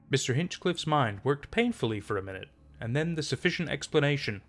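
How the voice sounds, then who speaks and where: A man narrating a classic short story in a measured storytelling manner. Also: mid-range voice, lively intonation, a bit bright, soft background music. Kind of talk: scripted narration.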